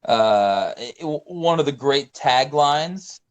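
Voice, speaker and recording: A man's voice: medium pitch, animated, slow. A man co-hosting a casual movie podcast, enthusiastic and slangy, calling people dude and bro and reaching for sports metaphors. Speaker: podcast co-host.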